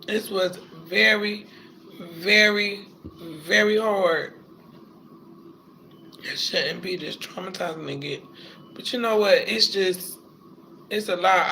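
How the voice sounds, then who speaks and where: A man with a high, bright voice speaks slowly and tearfully in a casual reaction vlog, full of heartfelt slang. A faint hum of room noise sits behind him. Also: gravelly, poor audio. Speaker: vlogger.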